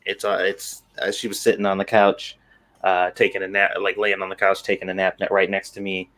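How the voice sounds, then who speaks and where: Lower-voiced man telling a halting story. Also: completely flat delivery, sharp tone. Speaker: podcast panelist. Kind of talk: casual podcast chat.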